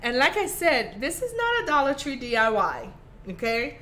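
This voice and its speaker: A woman's voice: high voice, huge pitch swings, normal speed, fairly bright tone. A woman with a Caribbean accent hosting a live craft tutorial, chatty and affectionate with her viewers. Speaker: craft host.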